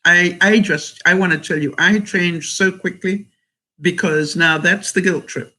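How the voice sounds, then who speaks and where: A woman's voice: lowish voice, steady tone, a little slow, bright, forceful tone, rough recording. A woman vlogger chatting casually and answering viewer comments, outspoken and assertive. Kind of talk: casual live chat.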